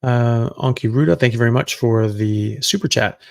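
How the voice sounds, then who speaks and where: A man's voice: medium pitch, moderate pace, vocal fry, no room sound. A middle-aged man, a doctor hosting a live Q&A, answering viewer questions in a loose, conversational way as he thinks aloud.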